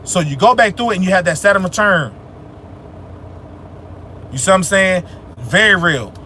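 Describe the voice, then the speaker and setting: A young man with a high, bright, forceful voice fields viewer questions on a livestream. He talks loose and profane, slips into street slang, and turns emphatic and preachy when he makes a point. A faint hum of traffic sits low behind him. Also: expressive, moderate pace. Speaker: livestream host answering chat. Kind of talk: casual spiritual livestream Q&A.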